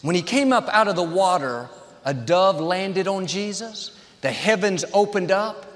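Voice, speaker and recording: A male pastor with a high-pitched voice preaches a sermon, building to each point through short, repeated phrases. He speaks at a measured pace with animated delivery. A long reverb makes his voice ring out as though filling a large hall.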